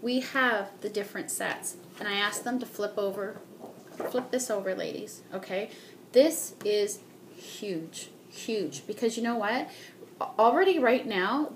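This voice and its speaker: A woman giving a sales training talk as a beauty consultant, animated, acting out customers and ending lines with "okay?". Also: medium pitch, a little hiss or hum.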